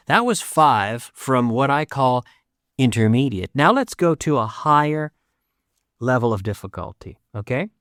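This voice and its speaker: A man hosting an English lesson podcast for Spanish speakers, switching between English and Spanish and repeating sentences slowly for learners. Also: medium pitch, a bit bright, no room sound, clean studio sound. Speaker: English teacher and podcast host. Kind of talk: bilingual language lesson.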